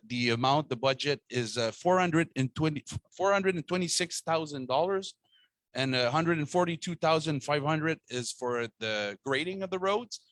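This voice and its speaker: Brief: mid-pitched man, halting budget presenter, dry sound. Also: a bit bright, no room sound. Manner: hesitant, many fillers, switching between French and English. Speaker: council official presenting a budget. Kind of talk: formal meeting presentation.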